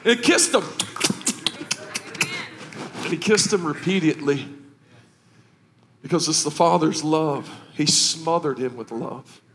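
Emotional preacher guy, high voice, goes from soft to shouting in a sermon. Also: measured pace, a little hiss or hum. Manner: swings from quiet to shouting with emotion. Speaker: pastor.

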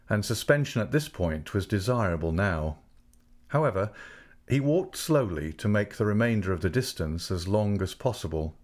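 A man narrating a classic novel as an audiobook, with a measured, unhurried literary delivery. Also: lowish voice.

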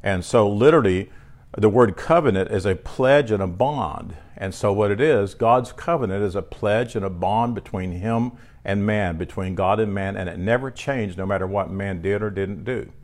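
A man's voice: lowish voice, normal speed, a little mellow. A man preaching a sermon in a conversational teaching manner, reading scripture aloud and often restarting phrases.

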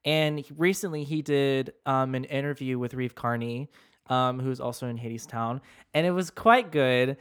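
Male podcast co-host, casual chat; clear smooth mid-range voice, hesitant and halting. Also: medium pitch, fairly bright tone. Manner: hesitant, many ums, stumbles on words.

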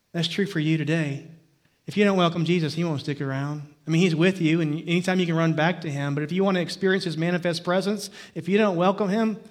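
A man preaching a sermon as pastor, emphatic, with loud rises and quiet drops. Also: a little high.

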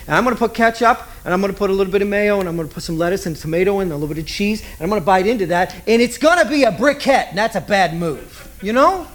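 High-voiced man preaching a joking sermon. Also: racing, hardly any pauses, fairly bright tone. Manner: conversational and joking, with rhetorical questions to the congregation. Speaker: pastor.

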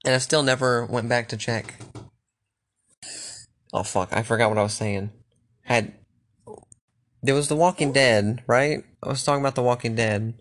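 A man's voice: mid-range voice, fairly even intonation, moderate pace, pauses often, fairly bright tone. A young man chatting casually and rambling, swearing freely and restarting his sentences often. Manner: loose, profane, rambling with restarts.

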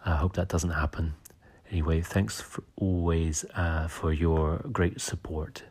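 A male podcast host talks through listener messages in a casual, halting way. His voice sits very low, with frequent ums and uhs. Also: flat delivery, a little mellow, husky. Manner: hesitant, full of ums and uhs.

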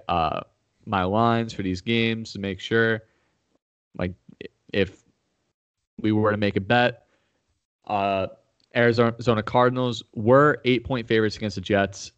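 A man with a low voice talks through his football picks in loose, rambling sentences, full of restarts. When challenged he turns heated and profane. The recording is dry and a little muffled. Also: fairly even intonation, unhurried, clean tone, dry recording. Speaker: podcast host making game picks. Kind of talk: casual sports chat.

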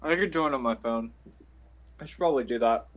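A man's voice: medium pitch, fairly quick, no room sound, highs cut off. A man chatting over a video call on a tablet, easygoing and hesitant, with lots of ums. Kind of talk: casual video call chat.

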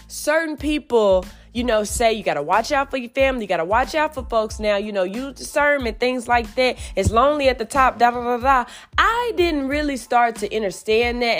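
A woman, hosting a podcast and venting in a heated, profane monologue that rises to yelling. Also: a little high. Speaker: podcast host.

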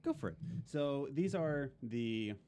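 A young man co-hosting a casual chat, rambling excitedly with many restarts. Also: medium pitch, slow pace, clear, resonant tone. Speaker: podcast co-host.

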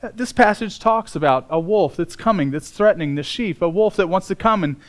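Pastor, middle-aged man, sermon delivery; higher-pitched voice, earnest and emphatic, stretches out the important words. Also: lively intonation, brisk.

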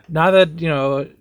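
A young man hosting a podcast, chatting casually and enthusiastically about videos with frequent restarts. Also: a little high. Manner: enthusiastic, stumbling restarts, laughs often. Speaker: podcast host. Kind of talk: casual chat reacting to videos.

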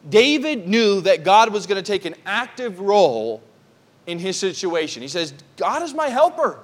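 A pastor preaches at a church prayer service in a high voice, teaching plainly and conversationally. He hammers home each point by repeating it with earnest emphasis.

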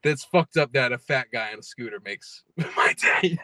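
A man's voice: mid-range voice, expressive, normal speed, bright, forceful tone, no echo. A young man hosting a podcast, telling profane, laughing stories in casual chat. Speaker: podcast host.

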